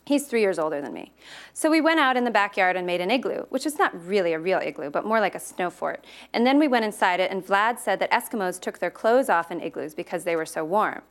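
A woman's voice: medium pitch, fast. Woman reading her novel aloud. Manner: relaxed, hesitant asides.

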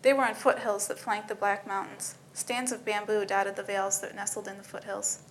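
A woman narrating a story in a steady, matter-of-fact reading voice. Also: medium pitch, brisk, hardly any pauses, a little hiss or hum, poor audio.

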